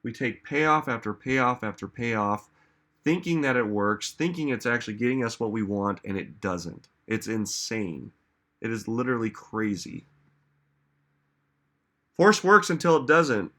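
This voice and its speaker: A man's voice: mid-range voice, expressive, measured pace, pushed and bright. A man giving a casual motivational talk to an audience, chatty, often saying "like" and "right?", stressing his points with questions. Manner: conversational, frequent "like" and "right?". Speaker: self-help speaker.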